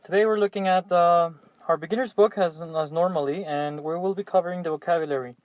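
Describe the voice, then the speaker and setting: A young Mexican man with a voice on the high side leads a classroom vocabulary drill at a quick pace. He patiently says each English word three times for his students, and the recording is dry.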